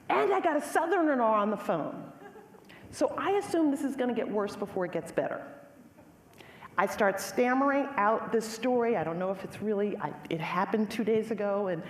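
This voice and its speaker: A middle-aged woman giving a lecture, telling a personal story in an animated, emphatic way and speaking directly to the audience. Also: fairly high pitch, moderate pace. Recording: echoey hall with faint ambience.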